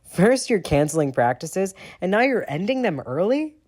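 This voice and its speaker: A man's voice: fairly high pitch, big pitch swings, moderate pace, a little mellow, pitched above the performer's own voice. A man voicing an angry teenage boy wizard who swears in heated outbursts.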